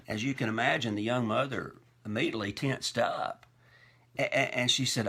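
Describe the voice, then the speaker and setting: A man's voice: medium pitch, fairly even intonation, normal speed, pushed and bright, husky. A male pastor preaching a sermon, telling folksy anecdotes from his churches with self-deprecating humor. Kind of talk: storytelling sermon.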